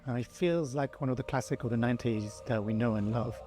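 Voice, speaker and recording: A man co-founder presents his studio's game in a measured, scripted manner. His voice is mellow and dark. Soft music sits quietly behind him. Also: mid-range voice. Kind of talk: pre-recorded developer presentation.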